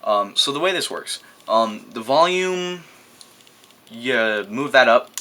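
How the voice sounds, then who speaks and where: A man's voice: mid-range voice, expressive, slow pace, sharp tone. A teenage boy from New Mexico, rambling and hesitant in a casual show-and-tell vlog, swearing freely and using loose slang. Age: teens. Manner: rambling, crude, hesitant with many fillers. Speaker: vlogger showing a gadget.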